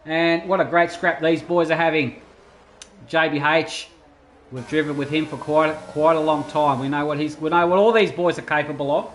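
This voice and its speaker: A man commentating a sim racing league, chatty and breaking into excited bursts during overtakes. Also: fairly high pitch, normal speed, a little hiss or hum, low-quality recording. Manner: chatty, excitable bursts over steady play-by-play. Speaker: race commentator.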